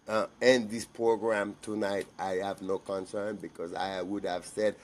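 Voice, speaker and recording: A man's voice: on the low side, little pitch movement, a little slow. A man giving a blunt, emphatic personal monologue to camera, repeating himself for stress.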